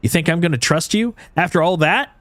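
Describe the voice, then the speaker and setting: A man voicing a fierce, hot-tempered armored woman fighter who shouts threats in a video game. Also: on the high side, fairly quick, no room sound, voice pushed up, close to an everyday voice. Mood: furious.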